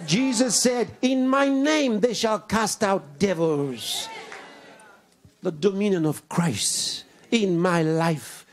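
A male pastor preaching a sermon, swinging from loud rhetorical questions to hushed whispers and repeating key lines with slow, deliberate emphasis. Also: high-pitched. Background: congregation answering and laughing.

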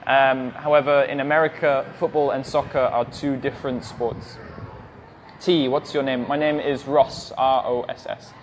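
A man's voice: mid-range voice, level tone, normal speed, slight background noise. English man answering livestream questions. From England. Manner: friendly, reads out questions then answers them plainly. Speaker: English teacher. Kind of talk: livestream Q&A reading viewer comments.

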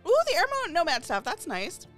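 A woman streaming a game live, chatting to her viewers and gushing excitedly over new items. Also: high-pitched, fairly quick. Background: faint game lobby music.

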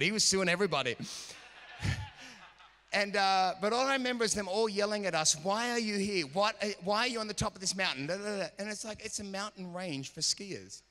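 A man's voice: high-pitched, fairly quick. A man preaching a sermon, telling a story and acting out the voices of the people in it. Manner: animated, acts out quoted voices. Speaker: pastor. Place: church auditorium. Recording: reverberant church hall.

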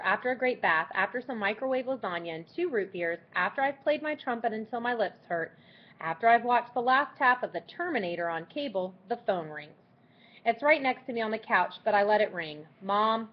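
A woman reads a first-person audiobook with dry, sardonic timing. Her pitch sits in an ordinary middle range. The recording sounds dull and lo-fi. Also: lively intonation, fairly quick. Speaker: audiobook reader.

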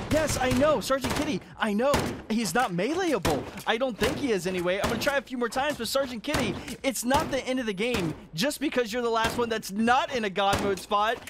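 A young man giving excited gameplay commentary while hosting a hide and seek game, laughing often and scolding players. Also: very high voice, fairly quick, hardly any pauses, noisy background.

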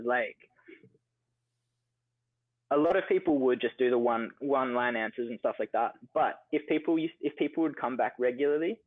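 A man's voice: medium pitch, no echo. A young Australian man telling stories in a casual interview, chatty and full of fillers. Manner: chatty, many fillers like "like" and "you know". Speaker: guest, coffee entrepreneur. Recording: dry phone-like audio.

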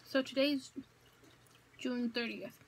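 A woman's voice: sits high, fairly even intonation, takes it slowly, slight background noise, rough recording. Chatty young woman vlogging from home. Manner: chatty, rambling, with many fillers and self-corrections. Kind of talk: casual eat-with-me vlog. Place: home, indoors.

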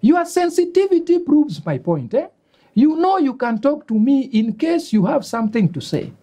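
A woman with a Kenyan accent playing a calm, pointedly critical female college student. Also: high-pitched, moderate pace, slight background noise. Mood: reproachful. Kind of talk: web series acting.

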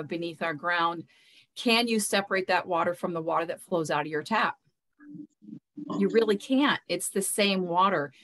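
Her voice fairly low, a woman talks as a spiritual mentor in a casual interview captured on a rough recording. She is sincere and informal, often circling back over words while figuring out how to say things.

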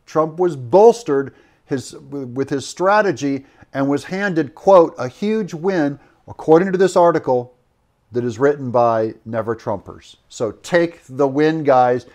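A man's voice: a little high, animated, unhurried, darkish tone. A man giving opinionated political commentary, rambling with fillers and self-corrections. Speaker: political commentator in a played clip.

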